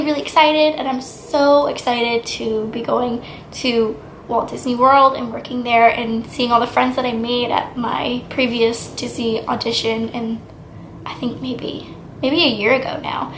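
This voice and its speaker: A young woman in her twenties vlogging casually, chatty and excitable with lots of "like" fillers. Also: a little high, a little hiss or hum. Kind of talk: casual vlog storytelling. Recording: echoey room.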